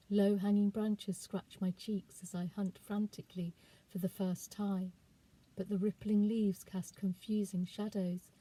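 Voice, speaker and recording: A woman, a children's author, reading aloud from her novel in a calm, expressive storytelling voice. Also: medium pitch, breathy edge, poor audio.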